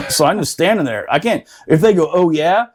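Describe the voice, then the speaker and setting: Brief: middle-aged man, podcast storyteller, high and lively voice, swears freely, laughs through his lines. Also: a little fast. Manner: profane, animated, laughing while telling. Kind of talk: casual storytelling chat.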